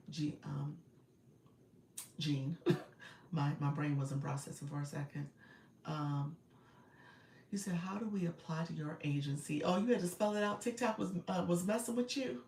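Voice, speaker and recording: A woman with a lowish, gravelly voice chats through a live stream, calling out viewers by name between easy fillers. She sits a little back from a phone mic, so the sound is roomy with a faint hiss behind it. Her talk is loose and friendly, full of "friend" and "y'all.". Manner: chatty, warm greetings to viewers by name, frequent laughs and fillers. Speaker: live stream coach and host. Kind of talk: casual live stream chat reading viewer comments. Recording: roomy, distant phone audio with faint noise.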